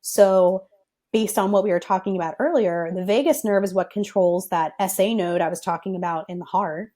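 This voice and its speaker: A woman's voice: medium pitch, normal speed, warm tone. A young adult woman, a physical therapist guest on a podcast, explaining things step by step in a thoughtful, careful way.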